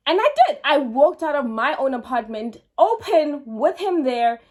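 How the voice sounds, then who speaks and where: A young woman vlogger telling a casual storytime to her camera, animated and emphatic, with frequent ums and words repeated for effect. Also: sits high, normal speed.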